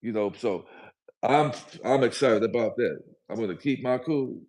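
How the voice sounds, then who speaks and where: A man's voice: medium pitch, normal speed, a little mellow. Preachy motivational man on a livestream. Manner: preachy and emphatic, repeats phrases. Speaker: livestream guest. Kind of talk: motivational live chat.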